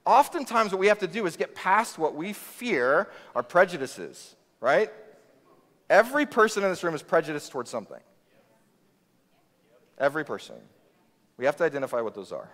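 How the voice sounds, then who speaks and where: A male pastor delivers a sermon in a loose, conversational way and acts out the people in his stories. His voice sits a little high and moves up and down a lot. The sound carries a long reverb from a church hall. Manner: conversational, animated storytelling with quoted voices.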